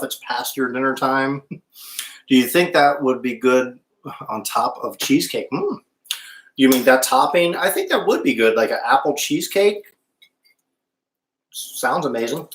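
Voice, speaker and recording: A man's voice: medium pitch, echoey room. A man hosting a casual live-stream cooking show, chatting with viewers and humming while he tastes. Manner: chatty, stops to hum while tasting.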